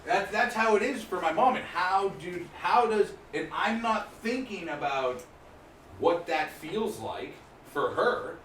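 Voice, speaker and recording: A man's voice: sits high, animated, slow, a bit bright. Man talking candidly in a roomy space. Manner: reflective, casual, swears freely. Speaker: group therapy participant. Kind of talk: candid group discussion. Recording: roomy sound from a distant mic with faint noise.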